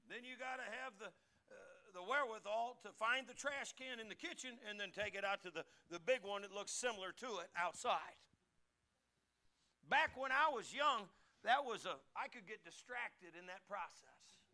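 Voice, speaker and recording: A man's voice: high voice, normal speed, sharp tone. A man preaching a sermon in a folksy, conversational way, asking the congregation to repeat phrases and building to emphatic points. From United States. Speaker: pastor.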